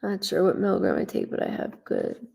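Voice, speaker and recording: A woman's voice: lowish voice, huge pitch swings, fairly quick, creaky, mellow, breathy edge. A woman working as a psychic medium on a casual live stream, talking straight to the viewer in a blunt way and swearing freely.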